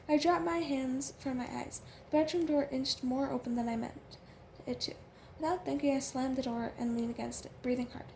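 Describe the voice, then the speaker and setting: A woman narrates a novel in the first person, stumbling often over fillers and restarts. Her voice sits high. A faint hiss runs beneath the reading. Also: steady tone, warm tone. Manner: halting, with frequent fillers and restarts. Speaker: audiobook reader.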